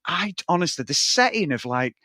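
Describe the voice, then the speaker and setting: A man's voice: on the high side, sing-song, moderate pace, sharp tone, dry recording. A man co-hosting a podcast, chatting about a film in a rambling, enthusiastic way and swearing freely. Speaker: podcast co-host. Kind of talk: casual film review chat.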